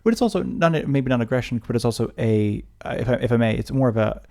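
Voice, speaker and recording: A man's voice: mid-range voice, quick pace, vocal fry, darkish tone. An American man co-hosting a podcast in casual chat, rambling with many restarts. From United States. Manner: rambling, lots of restarts and fillers. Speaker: podcast co-host.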